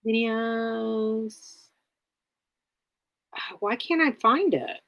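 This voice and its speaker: Slow, bright-voiced woman streaming live. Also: fairly high pitch, dry recording. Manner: rambling, many fillers, blunt. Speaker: livestream host. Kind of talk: casual livestream chat answering viewers.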